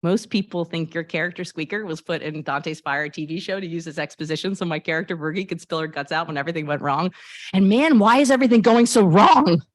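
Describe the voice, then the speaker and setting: A woman's voice: fairly low pitch, no room sound. A woman voicing an anxious, grieving thirteen-year-old girl cosplayer, eager and confiding, in a dry room.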